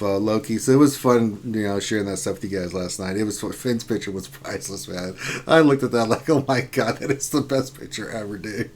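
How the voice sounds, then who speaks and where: A man hosting a casual gaming livestream, joking around, laughing often and reading out viewer comments. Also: medium pitch. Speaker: livestream host reading chat.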